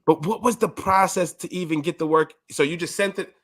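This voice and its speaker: A man's voice: fairly high pitch, steady tone, fairly quick. A man co-hosting a podcast, asking slangy questions and reacting with hyped, laughing energy. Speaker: podcast co-host. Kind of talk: casual interview chat.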